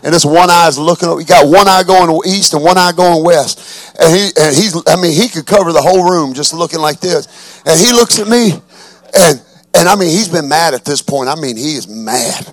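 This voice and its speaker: Man, pastor delivering an animated, shouting sermon; gravelly fry, dry close mic. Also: on the high side, moderate pace, no room sound. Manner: animated storytelling preacher, rising to fervent shouts.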